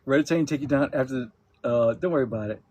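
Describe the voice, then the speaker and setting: A man's voice: medium pitch, fast, a little mellow. Laughing, profane man in his fifties. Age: 50s. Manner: laughs often, loose and profane. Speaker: livestream host. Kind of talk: casual livestream chat. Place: at home with his dogs.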